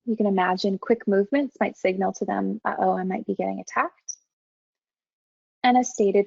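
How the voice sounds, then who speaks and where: A woman counseling instructor delivers an online training lecture in a calm, measured, gentle way. Her voice is mellow and a little raspy, with frequent vocal fry. The audio is dry and dull, with the lo-fi sound of a webinar recording. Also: medium pitch, no room sound. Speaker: university counseling faculty presenting a webinar.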